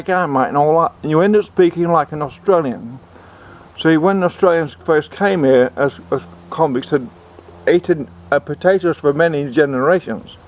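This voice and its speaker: A man's voice: a little high, a little mellow, slight background noise. A man telling a comic tall tale in a rambling way, often repeating words. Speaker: storyteller. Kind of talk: comic storytelling.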